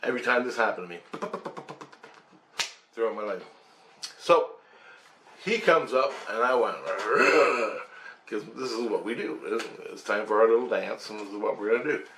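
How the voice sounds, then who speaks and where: A storyteller intensely recounts something that happened to him, emphatic and swearing, adding sound effects along the way. His voice is fairly low, at a moderate pace with long pauses. The recording sounds roomy with faint background noise.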